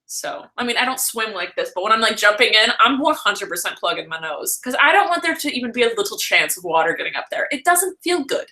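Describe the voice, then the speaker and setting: Bright, chatty young woman vlogger. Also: on the high side, animated. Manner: chatty and rambling, heavy use of "like", quick self-corrections. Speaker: vlogger hosting a live stream. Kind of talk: casual live-stream chat answering viewers.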